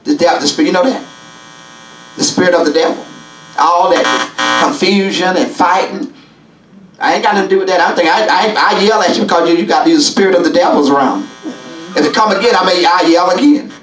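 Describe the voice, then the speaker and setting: A man's voice: sits high, brisk. A man preaching at a Bible study as bishop, calling out questions to the congregation and repeating himself. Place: church sanctuary. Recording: echoey church from a distance with congregation. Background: congregation murmuring.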